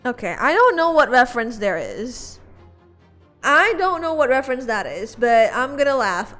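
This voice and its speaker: A woman's voice: sits high, very animated, unhurried, a bit bright, faint music behind. A woman streamer chatting casually with her viewers, giggling and rambling with lots of filler words. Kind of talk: casual livestream chat.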